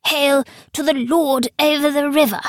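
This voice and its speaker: A woman's voice: sits high, sing-song, slow pace, fairly bright tone, dry recording, studio quality, voice pushed up, heavily acted. A woman voicing a cheerful little old male priest who talks in a delighted, quavering, effervescent way. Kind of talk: audiobook character voice.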